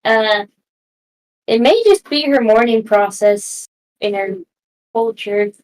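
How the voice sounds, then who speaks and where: A woman playing a tabletop game, speaking softly and hesitantly in casual chat. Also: fairly high pitch, takes it slowly, rough recording. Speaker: player.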